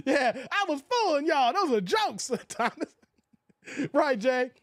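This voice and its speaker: Laughing, high-voiced streamer in a dry room. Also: male voice, takes it slowly, dry recording. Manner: animated, laughing, quoting movie lines. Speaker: live stream host. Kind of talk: casual live stream chat.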